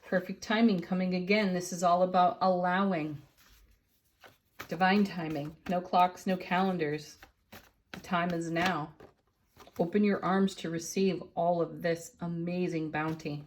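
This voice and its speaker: A middle-aged woman reads tarot cards for her viewers at a slow, unhurried pace. Her voice sits a little low and stays gentle, with soft laughs between cards. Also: fairly even intonation. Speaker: tarot reader and channel host. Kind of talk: daily tarot card reading.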